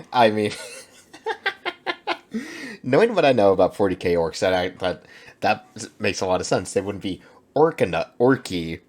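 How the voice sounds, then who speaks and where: A man's voice: sits low, animated, unhurried, long pauses, a little mellow. A man hosting a reaction video, talking casually, thinking aloud and swearing freely as he comments.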